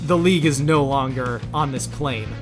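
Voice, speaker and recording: A man's voice: medium pitch, normal speed, over music. A man narrating a tabletop game as game master, describing action scenes.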